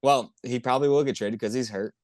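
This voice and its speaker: A man co-hosting a podcast, chatting casually about football in an excitable, profane, rambling way. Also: medium pitch, fast, no room sound, studio quality. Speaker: podcast co-host. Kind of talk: casual sports chat.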